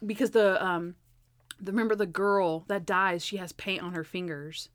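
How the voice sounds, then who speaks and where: A woman's voice: lowish voice, steady tone, moderate pace, crowd noise. A woman co-hosting a casual chat about a TV episode, animatedly retelling scenes. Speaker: podcast co-host.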